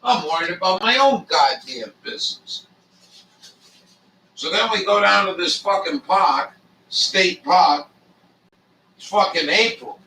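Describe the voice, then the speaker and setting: A man's voice: sits high, expressive, takes it slowly, vocal fry, long pauses, bright, forceful tone, distant mic, slight background noise, low-quality recording. A man hosting a casual chat, rambling and swearing a lot, with many fillers. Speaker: livestream host.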